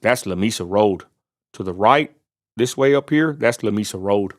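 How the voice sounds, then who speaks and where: A man from Texas rants hard in a vlog, fired up and preaching at his listeners. His voice sits a little low, and he leans on folksy Southern phrasing while talking outdoors by a roadside lot. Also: lively intonation, normal speed. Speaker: vlogger. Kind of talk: angry ranting vlog.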